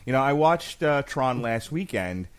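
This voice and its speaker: A man in his forties hosting a podcast and arguing a case about a film with emphatic, animated delivery and frequent laughter. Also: medium pitch, a little slow, smooth. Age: 40s. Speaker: podcast host. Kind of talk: mock-trial film debate podcast.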